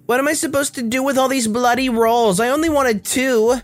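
A man's voice: very high-pitched, a little fast, soft background music, pitched above the performer's own voice. A man voicing a haughty, entitled older woman shopper who speaks in an indignant, condescending way. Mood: outraged.

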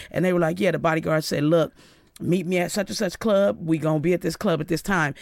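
In a radio studio with no room sound, a middle-aged Inglewood, California woman who styles hair for celebrities spins animated tales at a quick pace. Her voice is creaky, and she plays out each quoted line with big swings in pitch.

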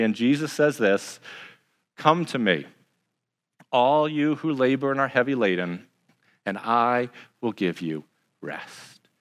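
A male pastor preaching a sermon in a relaxed, conversational way. He speeds up, then slows down and goes quiet. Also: mid-range voice, long reverb tail. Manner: conversational preaching, shifting from brisk to slow and hushed.

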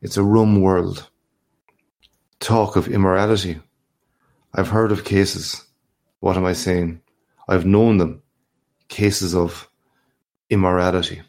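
A man voicing a hearty, swaggering journalist in a storybook reading, gravelly and expansive. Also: low voice, level tone, slow pace, pauses often, a little mellow. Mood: boastful. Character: boastful worldly Irish journalist, man, middle-aged.

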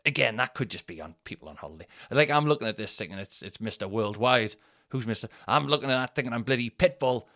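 A man's voice: mid-range voice, expressive, quick pace, bright, forceful tone. A Northern English man hosting his own podcast, talking alone in a rambling, sweary, self-mocking way. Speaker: podcast host. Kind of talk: casual solo podcast chat.

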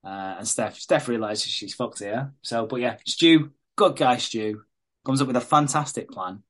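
A man's voice: mid-range voice, a little slow, fairly bright tone. A man chatting casually as co-host, recapping a show with lots of swearing and laughs. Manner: sweary, laughing, acts out quotes.

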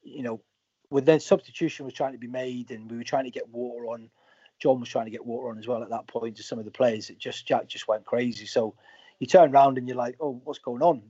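A man's voice: mid-range voice, fast talker, husky, dry recording. A man, a former footballer, being interviewed and telling anecdotes in a casual way, acting out the lines of the people in his stories. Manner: animated storyteller acting out quoted dialogue. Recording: slightly muffled, dry audio.

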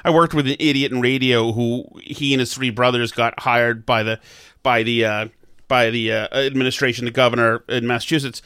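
A man's voice: medium pitch, level tone, brisk, a bit bright, smooth, no echo, clean studio sound. A man hosting a political talk show, giving blunt, sarcastic commentary with frequent stammered restarts.

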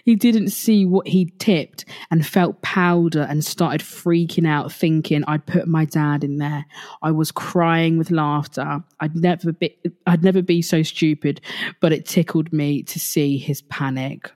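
Low-voiced chatty woman. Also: steady tone, unhurried, a little mellow. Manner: chatty, repeats herself, swears freely. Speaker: podcast host. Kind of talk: casual solo podcast monologue.

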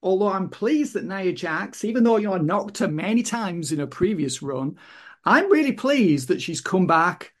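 A man's voice: high-pitched, animated, moderate pace. A man co-hosting a podcast in casual chat, rambling with many fillers and restarts. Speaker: podcast co-host.

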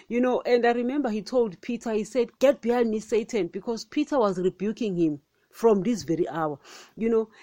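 In a dry recording, a woman with a fairly high, mellow voice hosts a podcast. She delivers a loose, rambling Bible talk, peppered with fillers and rhetorical questions and repeatedly addressing listeners as "guys."

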